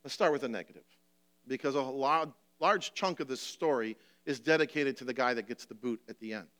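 A man's voice: mid-range voice, a little fast, a bit bright. A male preacher delivering a sermon, passionate and pleading, asking rhetorical questions, emotional and near tears.

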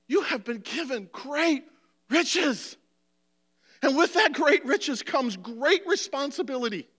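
A man's voice: very high-pitched, animated, takes it slowly, a bit bright. A male preacher delivering a sermon, passionate and pleading, asking rhetorical questions, emotional and near tears.

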